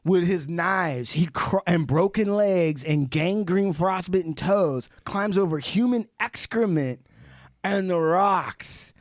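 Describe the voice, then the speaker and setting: Animated, profane male storyteller, slightly high voice. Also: slow, dry recording, clean studio sound. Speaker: podcast guest, film director. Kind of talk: casual podcast storytelling.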